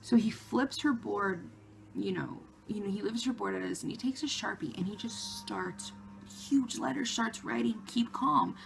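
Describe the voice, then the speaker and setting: A woman vlogger telling a story in a casual, excited way, with lots of "like" fillers. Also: mid-range voice, normal speed, gravelly. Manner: excited retelling of a fan encounter, many "like" fillers.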